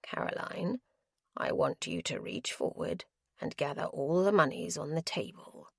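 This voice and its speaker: A woman's voice: deep voice, wildly swooping pitch, normal speed, creaky, dry recording, clean studio sound, voice pushed down, heavily acted. A woman voicing a menacing male gunman. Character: desperate, menacing male criminal.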